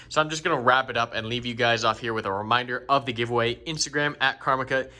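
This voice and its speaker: A young man with a bright, forward voice gives a relaxed tour of his gaming room at home, talking through it with loose fillers. He sounds easygoing and thankful, speaking into a studio mic on an arm at a middle pitch. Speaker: gaming YouTuber and streamer. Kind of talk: casual setup tour. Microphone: studio condenser mic on an arm.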